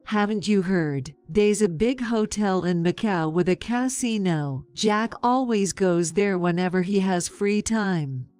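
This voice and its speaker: Woman in her 50s reading a story, slow and calm, smooth clear voice, dry sound. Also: mid-range voice, dry recording, faint music behind. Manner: calm, measured, sarcastic. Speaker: narrator. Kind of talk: scripted story narration.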